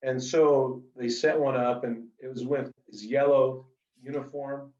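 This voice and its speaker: A middle-aged man telling anecdotes in a casual, animated way, full of fillers, as an author being interviewed. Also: mid-range voice, a little slow. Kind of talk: casual storytelling. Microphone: video call. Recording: roomy, distant, dull video call audio.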